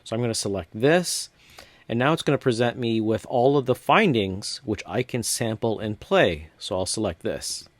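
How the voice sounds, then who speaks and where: Man narrating a software walkthrough, dry sound. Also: lowish voice, moderate pace, dry recording. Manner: relaxed step-by-step narration with casual fillers. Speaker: software tutorial host. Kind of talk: screen-recorded software walkthrough.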